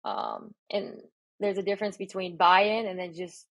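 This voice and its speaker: At a moderate pace, a woman with a mid-range voice tells a story as a guest on a casual podcast; she works as a strength and conditioning coach. She's animated, acting out her quoted dialogue energetically, with no echo on the recording.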